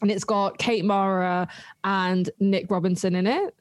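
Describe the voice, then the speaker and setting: An excitable young woman hosts a casual podcast chat. Her mid-pitched voice gushes and she laughs quickly. The dry close mic keeps the sound free of room echo. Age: young adult. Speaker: podcast host.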